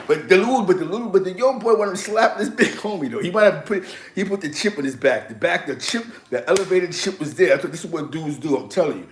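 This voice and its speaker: A man's voice: high-pitched, fast talker, slight background noise. A man telling street and prison stories in casual chat, acting out other people's lines with lots of laughter. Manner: animated, laughing, acts out quotes. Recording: echoey room.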